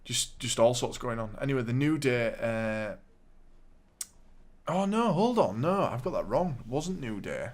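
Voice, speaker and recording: Man, casual recap host, animated, laughs. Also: mid-range voice, unhurried. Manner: animated, acts out quotes with laughs. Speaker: podcast host. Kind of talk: casual wrestling recap chat.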